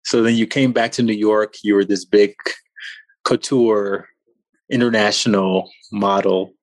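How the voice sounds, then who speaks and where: A man hosting a podcast, asking short, measured questions. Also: lowish voice, fairly even intonation, no room sound, poor audio. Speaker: podcast host. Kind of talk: interview questions.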